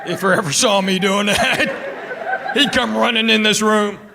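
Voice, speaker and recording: A high-voiced man doing stand-up, spinning a story in a dry, unhurried way and slipping into other people's lines. The live recording carries clear background noise throughout. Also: over a noisy crowd. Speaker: stand-up comedian. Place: comedy stage before a live audience.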